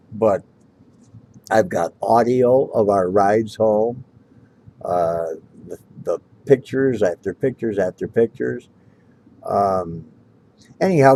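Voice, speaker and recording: Middle-aged guy rambling through an old story, lowish dark voice, dry close sound. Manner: rambling, restarts often, acts out quoted lines. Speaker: storyteller recalling his cab-driving days. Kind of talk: casual storytelling.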